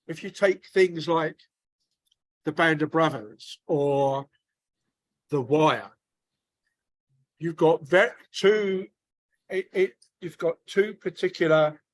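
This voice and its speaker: A man's voice: fairly high pitch, no room sound. North London man, dry close sound. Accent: working-class North London English. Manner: rambling, searches for words with many restarts. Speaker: book club member. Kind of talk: casual group discussion.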